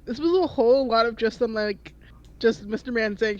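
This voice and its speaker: A woman's voice: on the high side, normal speed, muffled recording. A woman chatting casually who laughs often and trails off while searching for words. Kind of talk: casual group chat.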